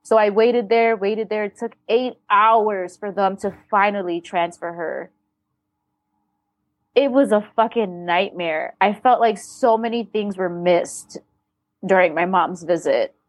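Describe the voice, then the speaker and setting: A woman speaking as a podcast guest, telling a painful family story in a candid, blunt way, with halting restarts and some swearing. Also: medium pitch, no room sound. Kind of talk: emotional personal storytelling.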